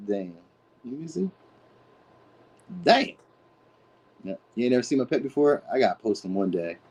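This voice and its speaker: A man's voice: mid-range voice, big pitch swings, moderate pace, a little mellow, husky, low-quality recording. A man who is a father, giving a casual live tarot reading in a slangy, rambling way. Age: adult, a father. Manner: slangy, rambling, lots of "you know what I mean". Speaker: tarot reader streamer.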